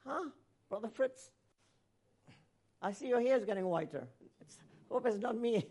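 A man preaching a sermon to a congregation. He swings from shouted emphasis to quiet asides, and he often corrects himself and repeats phrases. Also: extremely high pitch, animated, normal speed, long pauses, husky.

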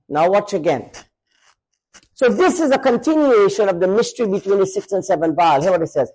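A male preacher giving a sermon, emphatic, swinging between raised and lowered voice. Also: low-quality recording.

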